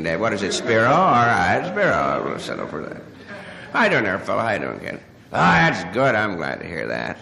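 A man doing a stand-up telephone monologue as a hungover caller, stammering and halting with many pauses and uh's. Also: mid-range voice, creaky, bright, forceful tone. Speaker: comedian. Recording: live stage recording, long reverb, audience laughter. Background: audience laughter.

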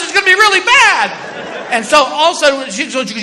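Bright, animated stand-up comedian man. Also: very high voice, very fast, in a large hall, a faint crowd, a little hiss or hum. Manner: animated, exasperated storytelling.

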